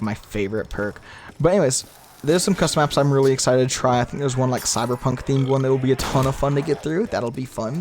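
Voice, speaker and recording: A gaming YouTuber in his twenties with a medium-pitched voice gives casual, rambling commentary while playing, stumbling and restarting sentences often. He shifts between lively talk and muttered gameplay remarks under his breath, with video game gunfire and zombie sounds behind him.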